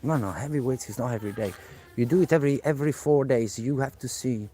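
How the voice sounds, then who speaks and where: A man's voice: medium pitch, quick pace, dark tone. Man coaching viewers on a live stream. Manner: direct, coaching, answers viewers' questions; repeats key points for emphasis. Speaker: personal trainer.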